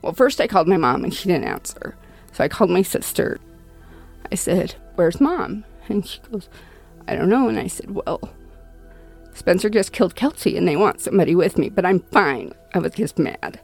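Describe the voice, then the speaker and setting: Gravelly woman telling a painful story. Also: on the low side, animated, a little mellow, faint music behind. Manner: halting, restarts often, quotes others in lifted voice. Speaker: interview guest, bereaved mother. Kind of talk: personal account in conversation.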